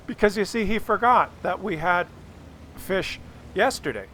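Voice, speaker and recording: A man hosting a gaming channel tells a rambling, profane story as he plays. His voice is high and bright. He talks in a loose, chatty way. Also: lively intonation, a little slow, a little hiss or hum. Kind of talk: casual storytelling over gameplay.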